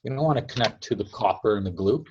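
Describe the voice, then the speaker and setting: A man's voice: on the low side, lively intonation, fast talker, breathy edge. Man teaching in dull lo-fi sound. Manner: chatty, laughs often, acts out quotes. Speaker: teacher of a device-building group.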